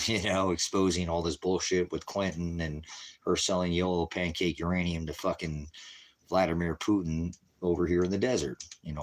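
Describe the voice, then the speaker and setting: A man who leads a ministry, rambling angrily in a profane monologue and swearing heavily. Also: sits low. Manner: rambling, angry, heavy swearing. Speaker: ministry leader.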